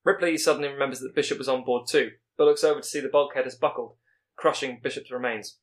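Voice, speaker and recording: A man reading out a scripted plot pitch as a podcast co-host, with small slips as he goes. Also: fairly even intonation. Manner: brisk storytelling read with small slips.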